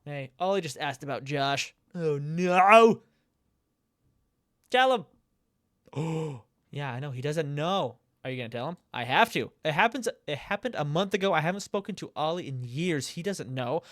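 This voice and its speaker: A man talking through a game he is playing, reading the chat messages aloud in a casual, conversational way. His voice sits a little high for a man and sounds close and dry, with no room echo. He reacts out loud as he goes, laughing and now and then swearing. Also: animated, fairly quick. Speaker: let's play gamer.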